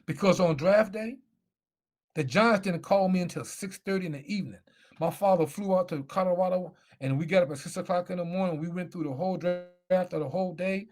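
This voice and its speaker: A middle-aged man telling his story animatedly in a live Q&A, acting out the voices of people he quotes. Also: a little high. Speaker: guest speaker.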